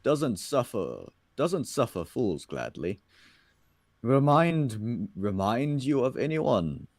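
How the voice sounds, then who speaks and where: A man giving voice to a dry-witted skeleton detective, his lines unhurried and gravelly, rising and falling with lively intonation. The sound is close and dry, with no room around it. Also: medium pitch, no echo, exaggerated voice. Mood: wry. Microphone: online voice call.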